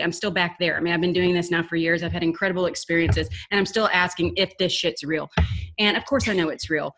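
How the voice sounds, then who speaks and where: Woman, co-host, casual spiritual chat, lowish voice, earnest, rambling. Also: fairly even intonation, brisk, a bit bright. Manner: earnest, rambling, self-questioning. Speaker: podcast co-host.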